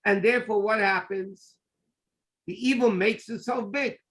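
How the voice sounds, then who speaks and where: A middle-aged man teaching a Torah class as a rabbi, explaining in an animated, emphatic way and mixing Hebrew terms into his English. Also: sits high, unhurried, low-quality recording.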